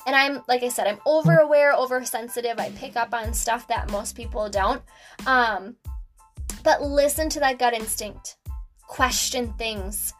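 A woman's voice: fairly high pitch, a little slow, faint music behind. A young woman hosting a podcast, telling a story casually with lots of fillers. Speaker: podcast host.

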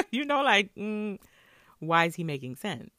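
Animated woman telling a story. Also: mid-range voice, unhurried, dry recording, clean studio sound. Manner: animated, acts out her own and others' lines. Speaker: vlogger. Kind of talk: casual storytelling.

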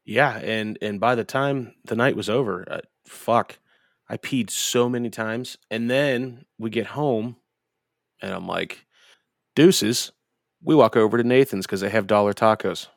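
爱说脏话、讲故事很投入的男人. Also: male voice, fairly low pitch, measured pace, creaky, dry recording, studio quality. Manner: profane, animated storyteller. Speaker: podcast co-host. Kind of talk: casual storytelling chat.

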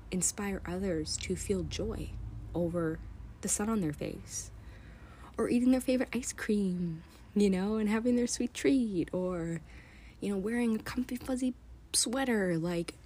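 A woman hosting a podcast, talking earnestly and emotionally, often dropping to a soft whisper. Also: mid-range voice, a little slow, husky. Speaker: podcast host reading stories. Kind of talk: casual chat.

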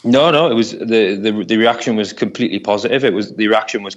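A man with a lowish voice talks quickly through a football memory, doubling back on words as he goes. It sounds like a relaxed podcast chat between fans, loose and unscripted. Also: lo-fi sound. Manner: rambling, repeats words while thinking. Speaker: football pundit, Newcastle fan. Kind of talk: casual podcast discussion.

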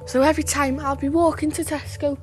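A woman's voice: high-pitched, little pitch movement, a little fast, darkish tone, soft background music, lightly acted. A woman voicing a gossiping, crude old grandmother, telling rambling comic stories full of swearing. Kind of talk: comic storytelling monologue.

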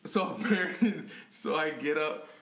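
A man's voice: fairly high pitch, normal speed, creaky, a bit bright. A young man co-hosting a podcast, telling a drunk story in casual, profane chat and often breaking into laughter. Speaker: podcast co-host. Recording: echoey room with faint noise.

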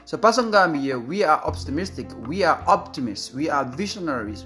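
Male podcast host, repetitive restarts, slightly high voice, faint music behind. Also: fairly bright tone. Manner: repetitive, restarts often, acts out quoted voices. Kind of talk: casual motivational podcast talk.

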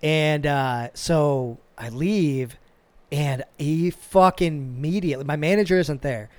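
A man hosting a podcast, telling a work story in a casual, animated and profane way. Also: fairly high pitch, slow, no echo. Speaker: podcast host.

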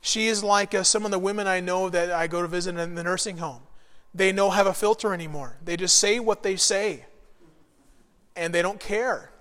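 High-voiced man teaching scripture, echoing room. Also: normal speed. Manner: lively, animated storytelling with frequent restarts. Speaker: Bible study teacher. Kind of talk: informal Bible teaching.

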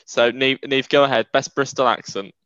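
A man's voice: moderate pace, fairly bright tone, no room sound, muffled recording. A young man, co-hosting a casual podcast, explaining things with dry humor. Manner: explanatory, dry humor, rants with rising pitch. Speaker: podcast co-host. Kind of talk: casual chat.

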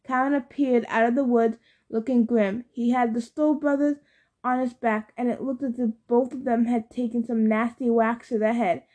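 A woman's voice: steady tone, moderate pace. Woman reading a novel aloud. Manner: acts out dialogue with louder, higher shouts. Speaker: audiobook reader.

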